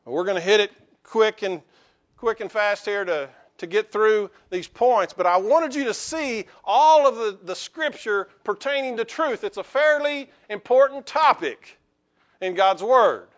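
A man with a strikingly high voice preaches at an unhurried pace, drawing the congregation in with jokes and calls for response. The recording sounds dull and lo-fi. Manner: lively, joking with the congregation. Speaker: pastor. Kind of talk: sermon. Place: church.

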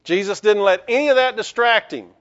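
A man's voice: high-pitched, a little fast, a bit bright, lo-fi sound. A man pastor preaching a sermon in a conversational way, with restarts and rhetorical questions to the congregation.

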